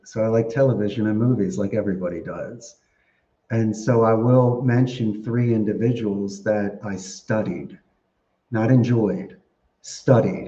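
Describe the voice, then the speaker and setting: A man, a podcast guest giving casual interview answers in an animated, storytelling way and laughing often. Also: on the low side. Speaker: podcast guest, call center business owner. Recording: echoey room, dull lo-fi sound.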